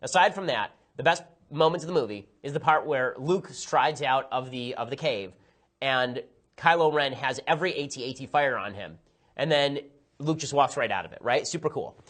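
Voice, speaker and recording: Brief: male commentator, quick sarcastic rant, exasperated asides, mid-pitched voice. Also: a bit bright. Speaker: political commentator. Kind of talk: rapid opinionated film review.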